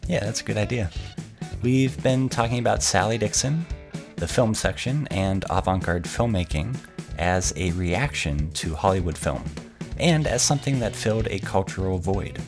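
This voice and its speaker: Deep-voiced male podcast co-host. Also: lively intonation, moderate pace, over music. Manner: conversational, explanatory. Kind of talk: scripted co-hosted narration.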